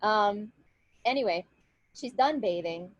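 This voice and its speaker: This woman, a storyteller and guest speaker, has a medium-pitched voice and talks slowly. She recounts a legend conversationally on a video call, livening it up and frequently asking her listeners "right?" The audio is dull, without echo.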